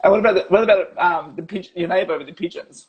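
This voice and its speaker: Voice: medium pitch, fast talker, lo-fi sound. An interviewer hosting a video call chat, who laughs often and asks short prompting questions. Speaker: interviewer host.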